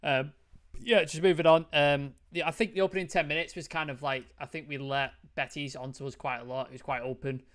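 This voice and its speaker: A man's voice: a little high, fairly even intonation, brisk. A man hosting a casual football review chat, loose and chatty, full of fillers. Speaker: host.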